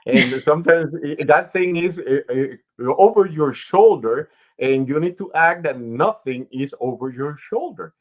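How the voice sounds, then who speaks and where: A man's voice: on the high side, animated, dull audio. A man hosting a radio interview show, who also manages talent, giving long advice in a casual, explaining way. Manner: slow, advising, explains at length.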